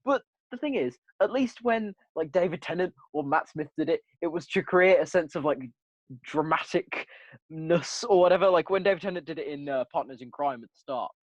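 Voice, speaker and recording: A man's voice: fairly high pitch, expressive, normal speed, no echo, dull audio. A young man chatting animatedly in a casual review, laughing often and mimicking characters. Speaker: podcast co-host.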